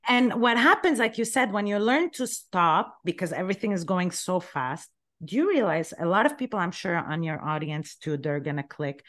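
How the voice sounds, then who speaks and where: Woman life coach guest, mid pitch, earnest and reassuring, repeats herself for emphasis. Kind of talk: interview conversation.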